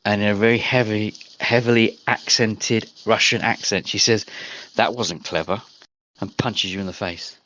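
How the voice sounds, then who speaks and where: Low-voiced man running a tabletop game. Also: fairly even intonation, moderate pace, few pauses, bright, forceful tone, dull audio, a little hiss or hum. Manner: rambling, hesitant descriptions with many fillers. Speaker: game master. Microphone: online voice chat.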